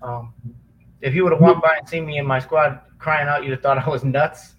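Earnest man, halting and emotional. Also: fairly high pitch, steady tone, highs cut off, a little hiss or hum. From Chicago area. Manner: halting, earnest, many restarts and fillers. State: near tears, choked up. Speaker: podcast guest, former police officer. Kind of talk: emotional personal testimony.

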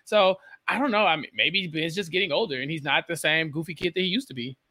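Bright, thoughtful podcast co-host. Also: mid-range voice, no echo. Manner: thoughtful, explains with filler pauses. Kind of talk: casual podcast chat.

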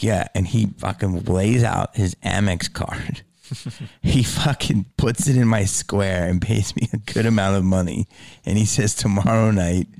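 A middle-aged man with a low, gravelly voice tells stories in a loose, swearing podcast chat. His voice jumps up when he gets excited and sinks to a murmur for asides. The sound is dry and close, with no room around it. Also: no echo. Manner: swearing, animated storyteller who drops low for asides. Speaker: guest comedian.

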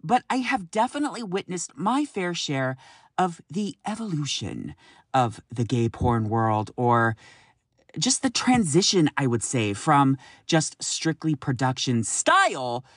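A man in his thirties hosting a solo podcast, talking in an animated, exasperated way, swearing freely and laughing often. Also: a little high, a little slow, no room sound, studio quality. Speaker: podcast host.

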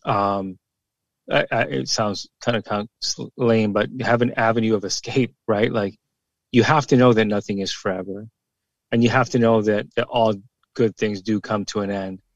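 A man's voice: fairly low pitch, fairly even intonation, normal speed, dry recording, dull audio. A former police officer in his forties, talking bluntly and emphatically in a casual podcast conversation, with plenty of swearing and repeated words.

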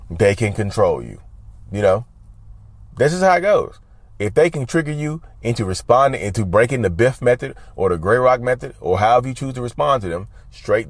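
A man's voice: fairly low pitch, no echo. Emphatic man advising viewers, dry sound. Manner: emphatic, repetitive, often says y'all. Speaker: advice vlogger. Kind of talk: casual talk to camera.

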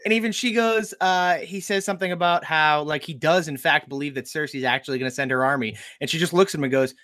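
A man's voice: a little high, fast, hardly any pauses, sharp tone, no room sound, studio quality. A young adult man chatting casually as a podcast co-host, enthusiastic and laughing often as he quotes characters. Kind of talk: casual chat.

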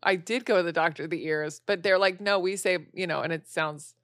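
A woman guest on a podcast with a lowish voice, telling animated stories and slipping into the voices of people she quotes. The sound is close and dry, with no room around it. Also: brisk, dry recording. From raised partly in Spain. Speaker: guest comedian. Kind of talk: casual podcast chat.

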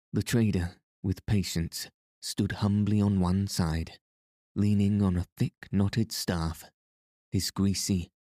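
A man narrating a classic novel in a measured, even reading. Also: low-pitched, dry recording, clean studio sound. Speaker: audiobook narrator. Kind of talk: scripted narration.

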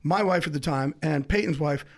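A middle-aged man with a gravelly, fry-edged voice pitched a bit above most men. He tells his story fast and excitably and acts out everyone in it. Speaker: guest, sports insider. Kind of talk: animated storytelling.

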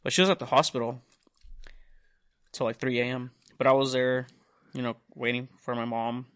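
A man's voice: mid-range voice, normal speed. A young man hosting a podcast, telling a long profane story in casual chat, acting out the other people's lines. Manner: profane, animated storytelling with quoted voices. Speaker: podcast host.

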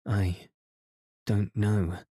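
A man's voice: deep voice, fairly even intonation, slow pace, mellow, no room sound, clean studio sound. A man reading aloud, voicing a frightened, imaginative teenage girl who stammers and trembles.

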